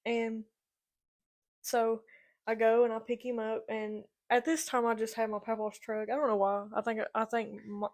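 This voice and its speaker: A woman's voice: on the high side, level tone, normal speed, darkish tone. A young woman co-hosting a casual podcast, telling stories in a chatty way, laughing often and acting out the people in them. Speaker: podcast co-host. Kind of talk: casual storytelling chat.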